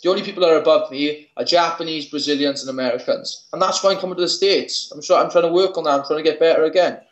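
A young Welsh man in his twenties, a fighter being interviewed, who talks in a halting way and often repeats and restarts his words. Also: a little high. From Wales. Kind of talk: casual interview. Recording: echoey room, dull lo-fi sound.

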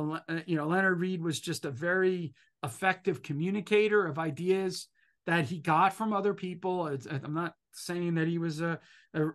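A middle-aged man, an economics professor, telling his personal story in a talk, animated and full of fillers like "you know". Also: high-pitched.

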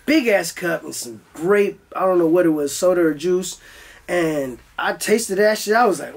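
Young guy telling a stoned story, all over the place in pitch, swears a lot, acts out the bits. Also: moderate pace. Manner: animated, profane, acts out his own voice in the story. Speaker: guest. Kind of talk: casual storytelling.

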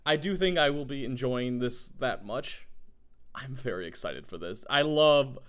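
A man with a groggy morning voice, chatting in a rambling, excitable way as he gives let's play commentary. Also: mid-range voice, measured pace. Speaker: gaming YouTuber.

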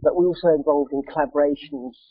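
Croaky man w a cold, hesitant talk full of ums, tinny dry call audio. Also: fairly high pitch, animated, fast, no room sound. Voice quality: croaky, gravelly. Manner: hesitant, many ums and uhs. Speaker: charity president giving a talk. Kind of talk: online presentation. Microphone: video call.

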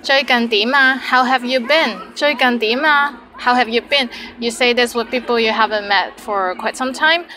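A young woman, teaching vocabulary in a chatty video lesson and repeating each word slowly for learners. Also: a little high, pushed and bright, low-quality recording. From Hong Kong. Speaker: language teacher.

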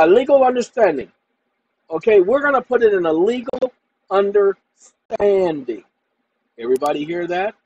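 A tired man rambling through a casual computer tutorial, often addressing "ladies and gentlemen". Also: high-pitched, lo-fi sound, slight background noise. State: tired after a long day. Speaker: channel host. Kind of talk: casual screen-share tutorial and monologue.

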